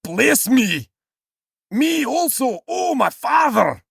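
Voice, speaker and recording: A wounded, pleading hunter son with a mock Scottish lilt, as a man puts him on. The voice sits a good deal higher than a normal speaking voice and swings widely in pitch, reading each line with theatrical heartbreak. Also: big pitch swings, takes it slowly, creaky, fairly bright tone, breathy edge, no echo, clean studio sound, full character voice. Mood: anguished. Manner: theatrical, overwrought scripture reading. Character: aggrieved adult male hunter, pleading son.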